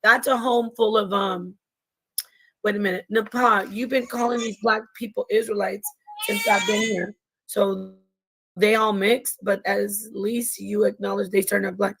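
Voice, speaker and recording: A woman's voice: medium pitch, steady tone, unhurried, creaky, fairly bright tone, slightly rough, poor audio. A woman hosting a livestream in casual chat, rambling, correcting herself mid-sentence and laughing often. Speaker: livestream host. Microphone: livestream mic.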